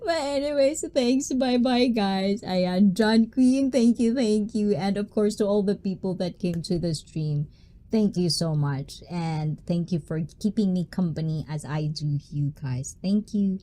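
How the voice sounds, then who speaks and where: A woman's voice: mid-range voice, measured pace, warm tone. A woman hosting a live stream, chatting casually with viewers, giggling and teasing as she signs off. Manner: giggly and teasing, laughing often.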